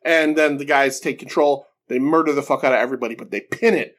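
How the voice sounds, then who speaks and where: A man's voice: medium pitch, quick pace, fairly bright tone. A man hosting a casual podcast, recapping a movie plot loosely and swearing freely. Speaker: podcast host. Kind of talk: casual chat.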